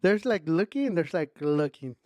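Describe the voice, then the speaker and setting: A man's voice: high voice, a little fast, darkish tone, dry recording. A man co-hosting a podcast, casually chiming in with short agreements and teasing questions. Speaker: podcast co-host. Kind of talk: casual chat.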